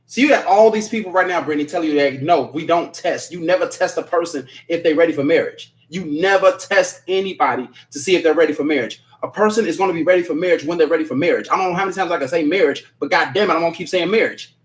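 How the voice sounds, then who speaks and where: A man's voice: fairly high pitch, fast talker, hardly any pauses. A man hosting a casual livestream and reading viewer comments aloud, talking bluntly and emphatically, swearing freely and repeating his points. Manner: apologetic after ranting.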